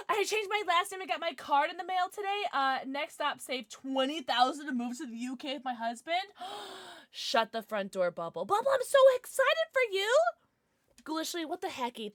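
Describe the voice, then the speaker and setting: A young woman chatting on a live stream from her home setup, bubbly and quick to gasp or laugh. Her voice sits high and bright and swings widely in pitch. The sound is close and dry, with hardly any room in it. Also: animated, no room sound. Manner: bubbly, reads chat aloud, gasps and laughs often. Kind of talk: casual live-stream chat.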